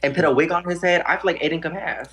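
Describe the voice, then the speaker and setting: A woman's voice: deep voice, rapid-fire, a bit bright. A woman in her twenties guesting on a casual stream chat, sassy, playful and blunt. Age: 20s.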